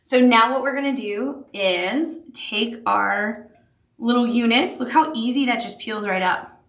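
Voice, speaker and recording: Woman, sewing tutorial, upbeat and chatty, higher voice, echoey room. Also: measured pace, a bit bright. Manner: chatty, upbeat, talks while working. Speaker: sewing instructor. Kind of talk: crafting tutorial.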